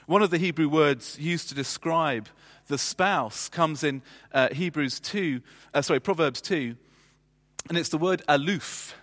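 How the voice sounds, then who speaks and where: A man delivering a sermon in a measured, emphatic way, often pausing with fillers. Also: a little high, fairly bright tone. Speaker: preacher. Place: church. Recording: church hall reverb.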